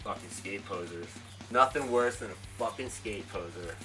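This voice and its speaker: A man's voice: lowish voice, moderate pace, over music. A young man from a band giving a casual tour of his home and backyard, offhand and swearing a lot. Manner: profane, jokey and offhand. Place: home, indoors then backyard.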